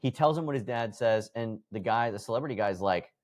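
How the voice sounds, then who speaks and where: A man's voice: fairly low pitch, expressive, brisk, a little mellow. A man in his thirties, a podcast guest, telling a story casually and animatedly, acting out conversations and swearing freely. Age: 30s.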